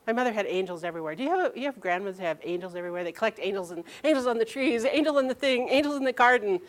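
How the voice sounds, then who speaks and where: A middle-aged woman telling a personal story to an audience, animated and laughing as she quotes her mother. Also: medium pitch, quick pace.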